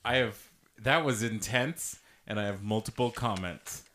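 A man's voice: lowish voice, measured pace, bright, forceful tone. A man co-hosting a casual podcast, making dry, wry comments. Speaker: podcast co-host. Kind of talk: casual chat.

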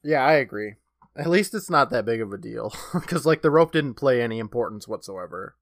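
A man's voice: medium pitch, expressive, dry recording, studio quality. A man co-hosting a podcast, reading upbeat announcements and recapping a TV episode in a loose, chatty way. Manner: upbeat, rapid scripted announcements, then a loose plot recap. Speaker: podcast co-host.

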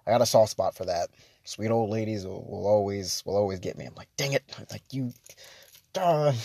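A man's voice: fairly low pitch, warm tone, no echo, clean studio sound. A young man hosting a casual solo podcast, rambling with many fillers and restarts, chuckling between thoughts. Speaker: podcast host.

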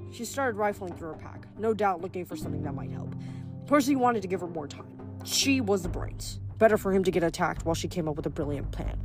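Woman, novel read aloud, expressive, lively pitch, faint background music. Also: brisk. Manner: animated, expressive reading. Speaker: audiobook reader.

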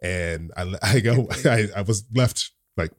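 A man's voice: fairly low pitch, measured pace. A man co-hosting a casual chat about movies, laughing often as he talks. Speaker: co-host.

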